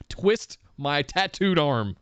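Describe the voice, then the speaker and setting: Casting: easygoing male host, smooth clear voice, very lively delivery. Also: fairly high pitch, no room sound, highs cut off. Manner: easygoing, laughs often. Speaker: podcast host. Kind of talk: casual chat, reading listener messages.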